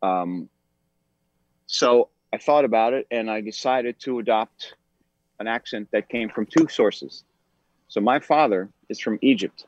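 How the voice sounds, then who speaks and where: The dry, dull, slightly lo-fi recording captures a fairly low-pitched man speaking unhurriedly. He's an actor in his forties, a podcast guest in a casual interview, reflective and prone to ums and false starts.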